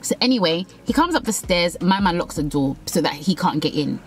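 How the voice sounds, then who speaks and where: A woman's voice: on the low side, sing-song, fairly quick, low-quality recording. A young woman, candidly telling a personal dating story, quoting others and swearing freely. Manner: candid, swearing, acts out quotes. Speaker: vlogger. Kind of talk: casual storytelling.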